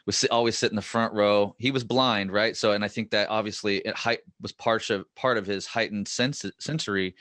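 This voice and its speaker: A man's voice: lowish voice, fairly bright tone, no room sound, clean studio sound. A man hosting a podcast, chatting and telling stories animatedly with plenty of fillers. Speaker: podcast host. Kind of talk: casual podcast interview.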